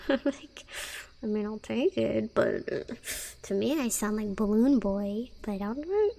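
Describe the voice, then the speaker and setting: A woman streamer in casual live-stream chat, with a soft voice, giggling and rambling with fillers and restarts. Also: a little high, moderate pace, vocal fry.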